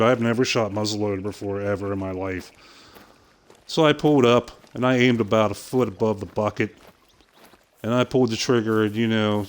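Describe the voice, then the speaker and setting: Low-voiced older man telling a story. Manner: animated anecdote-telling with impressions and swearing. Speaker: gaming streamer. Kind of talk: casual storytelling while playing.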